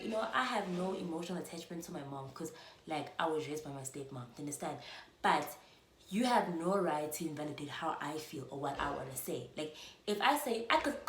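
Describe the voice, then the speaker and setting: A young woman in her early twenties with a South African accent, telling a casual storytime in a chatty, animated way full of "like" fillers. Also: lowish voice. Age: early 20s. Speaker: vlogger. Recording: echoey room, faint background noise.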